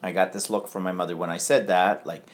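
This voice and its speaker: A man's voice: sits low, fairly even intonation, fast talker. A man co-hosting a podcast, chatting and telling a story in which he acts out the people he quotes. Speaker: podcast co-host. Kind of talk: casual chat.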